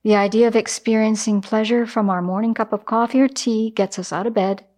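A woman teaching Buddhism in a dharma talk, animated and acting out everyday examples. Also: on the high side, a little fast.

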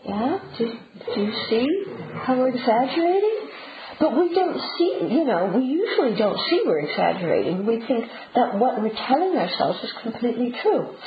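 A woman giving a conversational Buddhist teaching talk, often checking in with her listeners. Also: a little high. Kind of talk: dharma talk. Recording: roomy, dull and noisy.

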